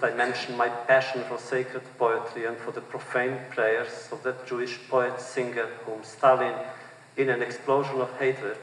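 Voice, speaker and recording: A man's voice: mid-range voice, a little hiss or hum. Man reading his novel in a reverberant hall. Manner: measured, expressive reading that lifts for quoted speech. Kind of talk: literary reading before an audience. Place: large auditorium. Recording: distant mic in a reverberant hall.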